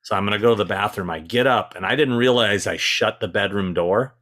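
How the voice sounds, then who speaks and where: A man co-hosting a casual live chat, telling stories in an animated way and laughing easily. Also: fairly low pitch, brisk. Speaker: co-host.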